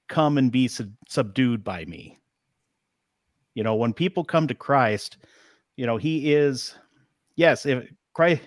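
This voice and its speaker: A man's voice: medium pitch, no echo, clean studio sound. A man on a video call speaking earnestly about faith, in a preaching tone.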